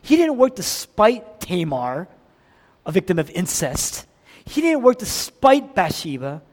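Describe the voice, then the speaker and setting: A man preaching a sermon in a dramatic way, swinging between loud emphasis and hushed, near-whispered lines. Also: high-pitched, very animated, a little slow. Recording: long hall reverb.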